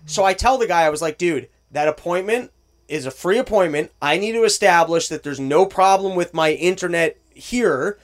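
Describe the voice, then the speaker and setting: High-voiced man ranting profanely. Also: normal speed. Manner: profane, exasperated ranting, acts out both sides of calls. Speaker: storyteller on a talk show. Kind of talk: casual chat.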